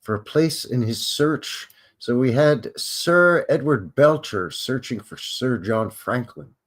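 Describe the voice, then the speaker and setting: A Canadian man hosts a live show, casually reading historical notes aloud and breaking off for wry, offhand asides between the facts. He speaks slowly in an expressive, mid-range voice.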